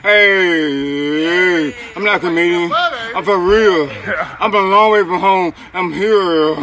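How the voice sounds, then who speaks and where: A man rambling excitedly on a city street, filmed by bystanders on a phone, repeating calls of "hey". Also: sits high, takes it slowly, crowd noise. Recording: loud street traffic noise.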